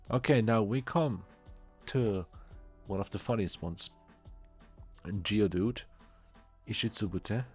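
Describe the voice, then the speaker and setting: A man with a Swiss German accent, talking slowly in a soft-spoken ASMR chat and stumbling over foreign names. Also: on the low side, slightly rough. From Switzerland. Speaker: streamer.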